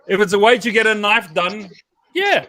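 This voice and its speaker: A man hosts a casual video-call chat, teasing his guests in a jovial way. His voice is high and swings widely up and down. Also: expressive, normal speed, bright, forceful tone. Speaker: podcast host.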